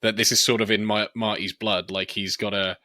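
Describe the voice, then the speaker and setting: Bright-voiced man, casual film chat. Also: on the low side, little pitch movement, a little fast, dry recording, studio quality. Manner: laughs often, hesitant restarts. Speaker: podcast co-host.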